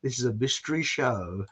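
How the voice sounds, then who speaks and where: A man's voice: mid-range voice, expressive, moderate pace, a bit bright, slightly rough. A man hosting a live show, chatting casually and reading viewer comments aloud, rambling with loose restarts and chuckles. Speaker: livestream show host. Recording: dull lo-fi stream audio.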